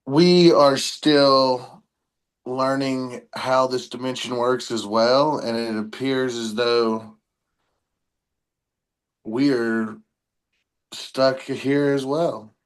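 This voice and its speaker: A man voicing a noncommittal adventurer in a tabletop game, speaking slowly and deliberately. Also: medium pitch, fairly even intonation, smooth. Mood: guarded. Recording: roomy sound from a distant mic.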